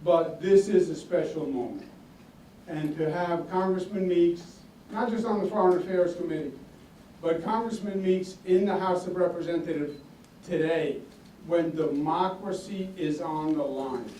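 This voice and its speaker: A man's voice: on the high side, unhurried, warm tone. Older man with a Queens accent, echoing speech. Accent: Queens, New York. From Queens, New York. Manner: folksy, emphatic, repeats lines for effect. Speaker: political candidate. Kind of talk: campaign speech. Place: echoey indoor office hall. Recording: echoey, distant room recording with faint noise.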